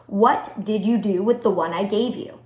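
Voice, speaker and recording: A woman's voice: medium pitch, normal speed, a little mellow, lightly acted. Strict teacher figure, fussy, stern, woman reading it out, roomy echo. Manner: stern, then dreamy and admiring. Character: strict schoolteacher fussy about paperclips. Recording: echoey room.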